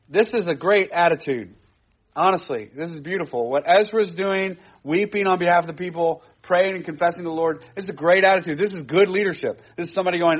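A man's voice: on the high side, normal speed, highs cut off. A man teaching a sermon in a conversational way, repeating phrases for emphasis. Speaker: pastor. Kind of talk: expository sermon.

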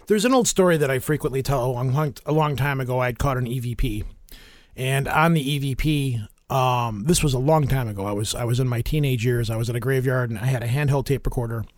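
A man hosting a casual interview, telling stories in an animated way and laughing often. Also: mid-range voice, fairly quick, dry recording, clean studio sound. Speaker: podcast host.

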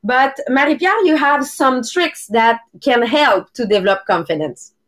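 A woman's voice: sits high, lively intonation, a little slow, a bit bright. A woman, hosting a live podcast and searching for her English words. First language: French. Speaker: podcast host. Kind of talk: casual live podcast talk. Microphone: video call.

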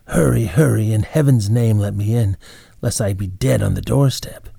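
A man voicing a robber disguised as a feeble old woman, with a hoarse, rasping voice. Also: on the low side, normal speed, mellow, no room sound, clean studio sound, full character voice. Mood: pleading. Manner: feeble, pleading, then sly.

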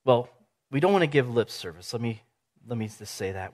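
A man preaching a sermon in a conversational, animated way, acting out little scenes for his listeners. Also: medium pitch, moderate pace. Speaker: pastor.

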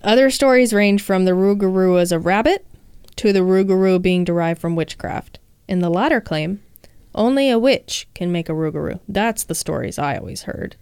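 A woman's voice: medium pitch, animated, moderate pace, a little mellow, clean tone, no echo, studio quality. A woman co-hosting a casual chat, reading folklore aloud with playful jokes. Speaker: podcast co-host.

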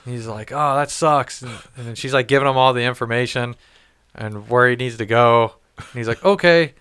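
A man's voice: medium pitch, flat delivery, normal speed, pushed and bright, clean tone, no echo, clean studio sound. A man telling a long story in casual, profane chat, rambling and acting out what other people said. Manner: profane, rambling, acts out quoted voices.

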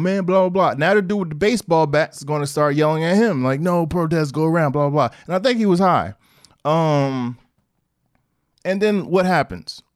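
A man hosting a podcast, telling a personal story in a loose, slangy, animated way. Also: a little high, no echo, studio quality. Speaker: podcast host. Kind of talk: casual monologue.

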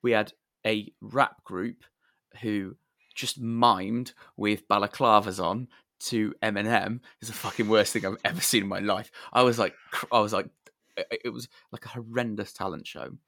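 A young man with a lowish voice chats casually on a podcast, telling long rambling stories with the odd swear word. The recording is dry and close, with no room sound. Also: steady tone, moderate pace, pushed and bright, dry recording. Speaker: podcast co-host. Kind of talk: casual chat.

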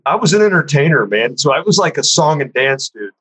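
Animated storytelling man, slightly high voice. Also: a little fast, breathy edge, low-quality recording. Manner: animated, acts out other people's lines in a raised voice; conversational, frequent fillers like "you know" and "man". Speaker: storyteller recalling his career. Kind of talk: casual spoken storytelling.

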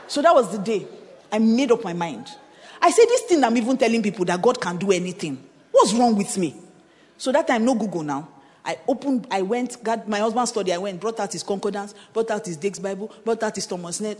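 In a reverberant conference hall, a Nigerian-accented woman pastor delivers a sermon rich in personal testimony. She tells her story with animation, laughing, slipping into pidgin and breaking into shouts, her pitch sitting in the middle range.

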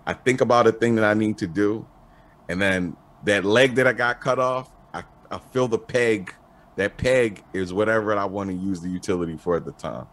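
Very deep-voiced laid-back man. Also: a bit bright. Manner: halting, restarts and fillers, laid-back. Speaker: guest. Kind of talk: casual podcast chat.

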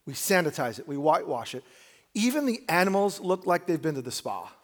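A man's voice: on the high side, big pitch swings, a little fast. A man preaching a sermon in a church, talking conversationally and building to emphatic peaks. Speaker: pastor. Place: church sanctuary.

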